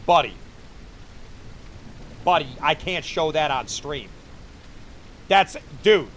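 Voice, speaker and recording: A man's voice: a little high, expressive, takes it slowly, fairly bright tone, slight background noise. A man streaming a game, chatting and joking to his viewers as he plays. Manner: joking, chatty, talks to himself while playing. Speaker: VTuber streamer. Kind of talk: casual gaming commentary to chat.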